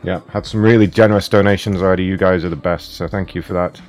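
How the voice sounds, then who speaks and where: A deep-voiced man hosts a prank call stream in loose, sweary banter. He laughs and curses freely while chatting with listeners. Faint music plays behind him. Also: steady tone, fast talker, darkish tone, some chatter behind. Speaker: prank call show host. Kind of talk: casual streamed chat.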